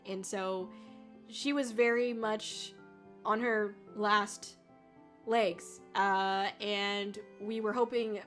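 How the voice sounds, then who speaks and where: A woman VTuber chatting casually on a livestream, rambling with lots of fillers and the odd swear. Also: medium pitch. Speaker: VTuber streamer. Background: faint music.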